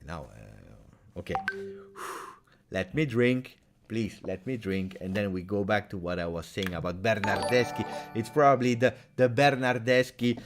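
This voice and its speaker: A man hosting a live-stream fan chat, excitable and halting, repeating himself with many fillers and loud bursts. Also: fairly low pitch, music in the background. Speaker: fan channel host.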